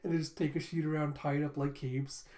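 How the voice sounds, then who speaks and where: A manga reviewer casually retelling chapters in a relaxed, chatty way. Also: medium pitch, fast. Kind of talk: casual reaction recap. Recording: roomy echo.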